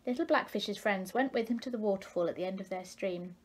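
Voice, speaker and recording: A woman, an educational consultant, reading a children's picture book aloud with expressive, measured storytelling. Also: mid-range voice, husky.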